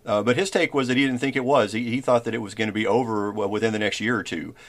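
Low-voiced man asking questions. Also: fairly even intonation. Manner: asking measured follow-up questions. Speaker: podcast host. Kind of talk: casual podcast interview.

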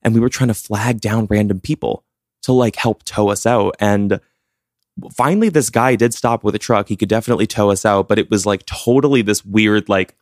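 Man, podcast co-host, casual chat, low pitch, playful, dry sound. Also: fairly quick, no room sound. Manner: chatty, teasing, laughs often, playful impressions.

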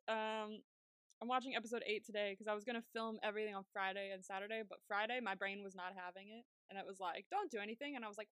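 Bright chatty young woman podcaster. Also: medium pitch, clear, resonant tone, dry recording, studio quality. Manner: chatty, laughs often, acts out her own reactions. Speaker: podcast co-host. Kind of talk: casual chat.

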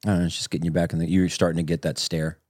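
A man's voice: low-pitched, little pitch movement, very fast, darkish tone, no room sound, studio quality. A man hosting a casual podcast chat, chatty and teasing with sudden laughing outbursts. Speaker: podcast host.

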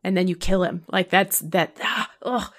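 A woman co-hosting a casual podcast discussion, talking in an emotional, expressive way. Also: fairly low pitch, normal speed. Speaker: podcast co-host. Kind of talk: casual chat.

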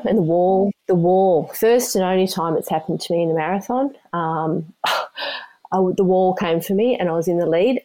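A woman in her fifties, a former elite runner, telling her story in a casual, animated way and laughing often. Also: fairly low pitch. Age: 50s.

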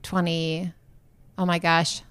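A woman's voice: fairly low pitch, level tone, slow pace, fairly bright tone, clear, resonant tone, no echo. A woman co-hosting a podcast, chatting casually and telling dating stories with frequent laughs. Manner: chatty storyteller, laughs often. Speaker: podcast co-host. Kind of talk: casual chat.

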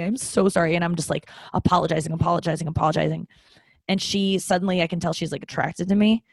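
A woman's voice: on the low side, no room sound. Candid rambling woman, dry close mic. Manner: rambling, candid, self-deprecating, lots of fillers. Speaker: podcast host. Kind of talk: casual solo chat.

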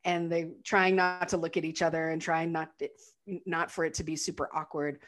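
A woman casually recapping a film's story, chatty and animated, sometimes slipping into the characters' voices. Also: deep voice, normal speed. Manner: animated retelling, acts out quotes in character voices. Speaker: podcast co-host recapping a film. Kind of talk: casual chat.

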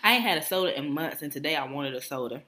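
A woman's voice: low voice, quick pace, a little hiss or hum. A woman telling a rambling, profane story on a casual chat show, acting out the people in it. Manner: animated, profane, mimics people in her stories. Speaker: podcast co-host.

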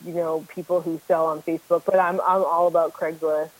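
A woman guest in casual podcast chat, talking freely with lots of "like" and quick laughs. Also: low voice, little pitch movement, no room sound, poor audio. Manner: chatty, laughs easily, lots of "like". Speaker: podcast guest, co-host of a reselling podcast.

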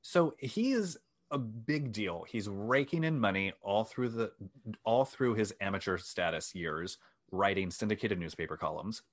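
A man hosting a chat show, telling a story in a wry, self-deprecating way and sometimes reading from his notes. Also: lowish voice. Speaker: podcast host.

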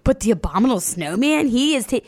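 A woman's voice: on the high side, big pitch swings, fast, a little mellow. A young woman co-hosting a crude comedy podcast, teasing her co-host, laughing often and reading horoscopes aloud. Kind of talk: crude comedic casual chat.

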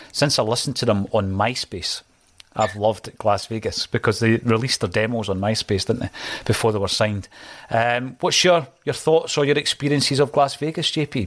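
A man with a mid-pitched voice hosts a podcast in easy, casual conversation. He steers the talk and puts questions to his co-host. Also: a bit bright.

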